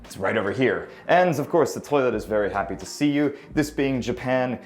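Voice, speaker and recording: A man's voice: mid-range voice, animated, brisk, faint music behind. A man hosting a property tour vlog, walking through rooms and streets in an upbeat, chatty, joking manner. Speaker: real estate tour host. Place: on location, indoors and outdoors.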